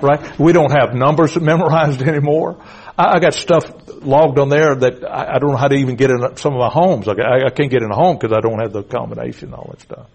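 A middle-aged man delivers a fiery sermon in a husky, slightly rough voice. He hammers points through repetition and keeps demanding responses from the congregation. His pitch sits in an ordinary male range. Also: darkish tone, low-quality recording. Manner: emphatic, blunt, repetitive preaching cadence; calls out to the congregation. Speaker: preacher.

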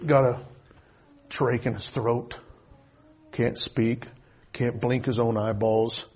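A middle-aged man preaching a sermon, telling a personal story with deep emotion, swinging between loud and hushed. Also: fairly even intonation, slow pace, husky.

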